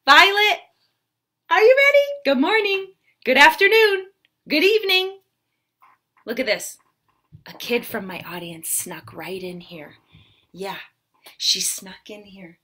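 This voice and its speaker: A woman's voice: high-pitched, sing-song, slow pace, pauses often, pushed and bright. A woman hosting a live-stream story time for preschoolers, with a sing-song, exaggerated way of talking to small children. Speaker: children's entertainer host.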